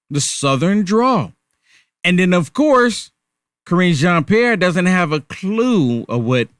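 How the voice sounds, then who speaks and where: A man's voice: sits high, a bit bright, no room sound, clean studio sound. A male host giving sarcastic political commentary, firing off rhetorical questions.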